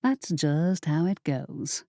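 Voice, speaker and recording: A gloating male sorcerer , put on by a woman reading an audiobook, drawls his taunts in a low, unhurried voice. The tone is mellow and dry, each word laced with mockery. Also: animated, no room sound, full character voice. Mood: smug. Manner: slow, low and mocking. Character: smug scheming male sorcerer villain.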